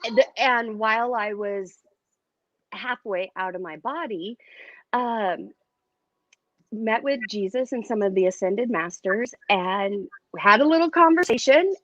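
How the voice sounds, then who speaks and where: A woman speaking as an interview guest and metaphysician, telling her story in a candid, expressive way. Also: a little high, slow, dry recording, lo-fi sound. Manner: candid and expressive, lively retelling.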